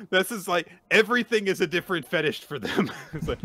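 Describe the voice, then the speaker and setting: A young man co-hosting a casual manga recap podcast, animated, often laughing and bursting into excited quoted voices. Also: sits high, fairly quick, hardly any pauses. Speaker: podcast co-host.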